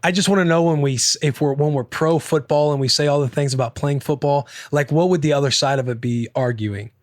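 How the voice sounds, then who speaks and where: A young man hosting a podcast, chatting casually, rambling and swearing freely with excitable energy. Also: a little high, a little fast, no echo, studio quality. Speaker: podcast host. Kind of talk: casual chat.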